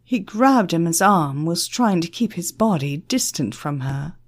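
A woman narrates an audiobook at an unhurried pace, her low voice breathy and husky. Her pitch moves a lot as she tells the scene. She reads in a lively storytelling manner. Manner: slow, expressive storytelling.

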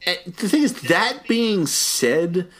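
A man in an easygoing conversation who talks slowly and deliberately. He lays out his thoughts one careful phrase at a time. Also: sits high, very animated, fairly bright tone. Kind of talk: casual chat.

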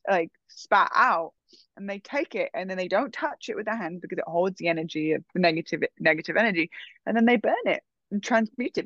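A woman's voice: medium pitch, no room sound. Woman rambling thru a story, lots of likes and ums, dry dull audio. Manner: animated, frequent "like" and "um" fillers. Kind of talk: casual storytelling.

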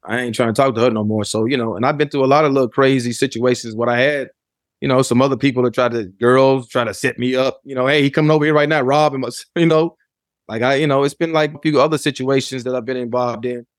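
A man's voice: mid-range voice, steady tone, fast talker, no room sound, studio quality. A middle-aged man from Memphis, a guest telling stories in a laid-back, casual way in an interview. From Memphis, Tennessee, USA. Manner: laid-back storytelling, frequent "you know what I'm saying". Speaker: rapper and producer, interview guest.

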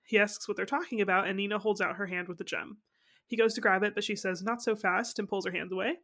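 A woman's voice: mid-range voice, steady tone, fairly bright tone. A young woman co-hosting a casual podcast, recapping an episode with frequent laughs and quoted asides. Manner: giggly, recaps scenes with quick quoted asides. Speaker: podcast co-host.

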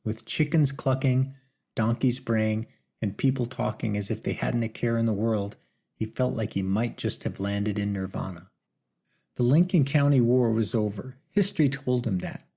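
Male audiobook narrator, low, husky, dark, gravelly, unhurried. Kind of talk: scripted narration.

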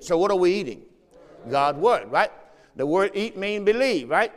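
A man's voice: fairly high pitch, animated, moderate pace, long reverb tail. A man preaching a sermon as pastor, reading scripture aloud and checking in with the congregation. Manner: preaching with call-and-response asides; reads scripture aloud in a raised voice. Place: church.

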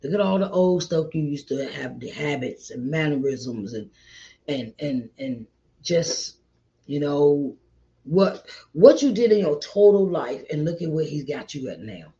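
A man's voice: fairly high pitch, expressive, measured pace, mellow. Earnest man giving a preachy pep talk. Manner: repetitive, earnest, preachy, calls listener child and honey. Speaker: author giving encouragement. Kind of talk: motivational talk to viewers. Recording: dull lo-fi recording.

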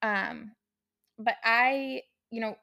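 A young woman hosts her own podcast in a casual solo format, speaking heartfelt and rambling with plenty of fillers and restarts. Her voice sits a little high, steady, bright and forceful, and she talks very slowly.

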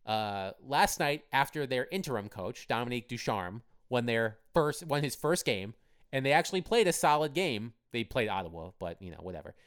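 A man's voice: medium pitch, big pitch swings, moderate pace, a bit bright, smooth. A man co-hosting a casual sports podcast, talking loosely and hesitantly with many fillers. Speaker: podcast co-host, hockey writer.

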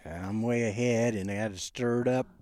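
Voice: medium pitch, steady tone, moderate pace, darkish tone, no room sound. Teasing co-host with short remarks. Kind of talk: casual chat.

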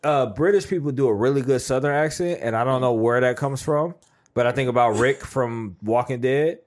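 A man's voice: mid-range voice, normal speed. A man hosting a casual podcast chat, blunt and opinionated, laughing often. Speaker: podcast host.

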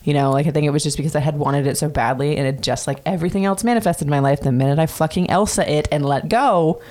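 A woman's voice: low-pitched, fast, darkish tone. A woman in her thirties casually telling a personal story on a podcast, chatty and profane with many fillers. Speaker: podcast host.

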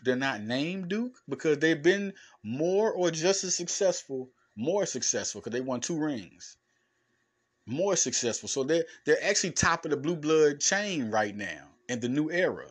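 A man hosting a solo sports podcast as a basketball analyst, talking in an animated, emphatic way with slangy phrasing and frequent stammered restarts. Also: a little high. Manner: informal slangy speech, addressing fans directly. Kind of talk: casual solo podcast talk.

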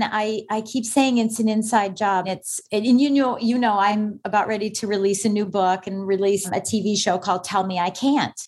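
Emphatic woman telling her story. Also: medium pitch. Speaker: guest, author. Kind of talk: conversational interview.

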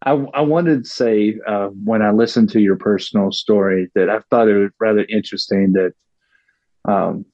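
A man's voice: lowish voice, steady tone, moderate pace, dark tone, no echo. A man who is a guest on a podcast, chatting casually and liking to stir the pot, often laughing at his own points. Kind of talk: casual conversation. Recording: dull, dry lo-fi sound.

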